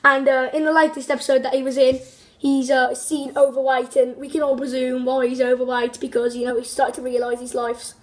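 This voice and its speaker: A woman's voice: sits high, level tone, a little fast. A woman hosting a casual, unscripted countdown video, rambling with many fillers, restarts and small giggles. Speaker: video host.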